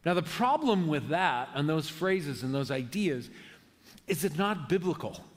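A male pastor preaches in a relaxed, conversational way, earnest and often restarting mid-sentence. His voice sits a little higher than most men's. The sound rings with the long reverb of a large church hall. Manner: earnest, halting, with frequent restarts. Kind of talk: conversational sermon.

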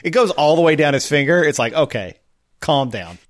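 A man co-hosting a podcast, chatting casually, laughing often and tossing in quick asides. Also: fairly high pitch, very animated. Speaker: podcast co-host. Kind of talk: casual chat.

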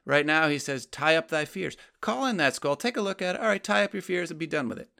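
A man's voice: fairly high pitch, lively intonation, fast talker, creaky, sharp tone. A man co-hosting a conversational discussion of poetry, patiently explaining lines of verse.

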